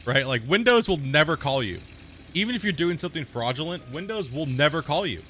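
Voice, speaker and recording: A man livestreams a game, chatting casually and rambling through stories while often tagging his sentences with "right?". His voice is a little high, pushed, and bright, animated and fairly quick, with a slight hiss or hum on the audio.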